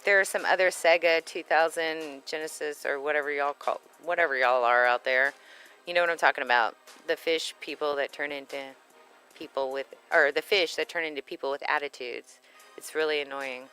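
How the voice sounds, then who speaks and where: A woman co-hosting a radio show, telling stories in animated, laughing casual chat. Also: sits low, smooth, soft background music, rough recording. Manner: animated storyteller, quick to laugh.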